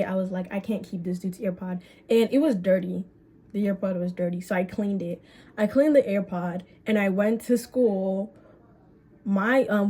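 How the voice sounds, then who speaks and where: A young woman vlogger telling a story in casual chat, animated and swearing, with quick bursts and drawn-out words. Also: mid-range voice.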